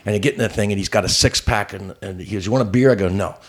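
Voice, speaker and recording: A man's voice: low voice, fast talker, slightly rough. A man, a comic, telling a long rambling road story in casual podcast chat, jumping into other people's voices as he goes. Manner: animated storyteller acting out voices. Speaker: stand-up comic guest.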